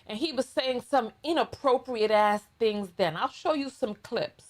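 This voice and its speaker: Brief: middle-aged New York woman, high voice, slow, emphatic drawl, blunt sassy commentary host. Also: lively intonation. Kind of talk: reaction commentary monologue.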